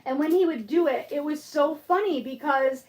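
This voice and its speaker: Chatty high-voiced woman from Michigan. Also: moderate pace, roomy sound. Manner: chatty, answers viewer comments, muses aloud. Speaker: livestream crafter reading chat. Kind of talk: casual live-stream chat.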